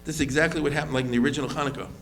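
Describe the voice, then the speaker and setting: Talking very fast in a mid-range voice, a rabbi gives a casual history lecture full of fillers and restarts, acting out quotes in lively voices. Slight background noise can be heard.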